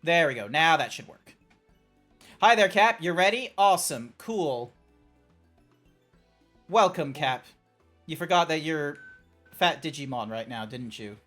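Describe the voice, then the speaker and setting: A fairly high-pitched man talks over a faint bed of chill background music. He is a game streamer in loose, casual chat, riffing through silly tangents. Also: animated, fairly bright tone. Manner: rambling, joking, quick tangents.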